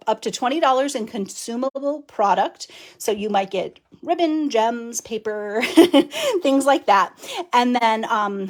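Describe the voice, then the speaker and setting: A woman with a fairly high voice chats her way through a crafting live stream. She is effusive and laughs often, and she greets her viewers warmly by name. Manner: chatty, effusive, laughs often, reads viewer comments aloud. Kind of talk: casual live-stream chat.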